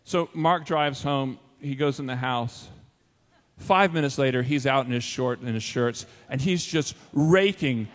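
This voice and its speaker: A man, a school teacher, telling a funny personal story to an audience in an animated, self-mocking way. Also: medium pitch, unhurried, big-room sound.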